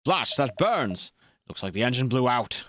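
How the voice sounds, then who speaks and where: A man's voice: medium pitch, very animated, a little slow, fairly bright tone, no room sound, studio quality. A man voicing a scheming mustached male villain with a nasal cartoon-villain delivery. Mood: gloating.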